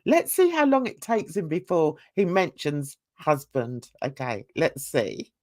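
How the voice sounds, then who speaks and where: Brief: woman host, slow gossipy reaction chat, animated pitch. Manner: chatty, gossipy, laughs often. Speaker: commentary channel host. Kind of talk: casual reaction commentary.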